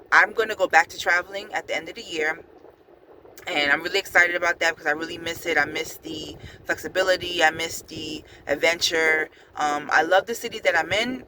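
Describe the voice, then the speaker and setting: Bright-voiced chatty woman vlogger. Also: low-pitched, a little hiss or hum, rough recording. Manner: chatty, many ums, animated retelling. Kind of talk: casual storytelling vlog.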